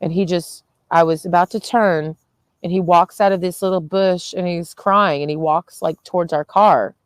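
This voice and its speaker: Young woman, low voice, dry close sound; tired, headachy, rambling vlog chat full of swearing and laughs. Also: steady tone, moderate pace, no room sound. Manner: chatty, swears freely, laughs often mid-sentence. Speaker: vlogger.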